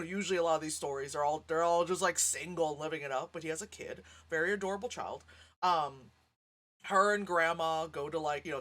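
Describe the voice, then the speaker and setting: A lively woman reviewing a movie in a loose, chatty way. Her pitch swings all over as she reacts, and she laughs a lot. She swears casually and speaks frankly. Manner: animated, laughs often, acts out sounds and lines.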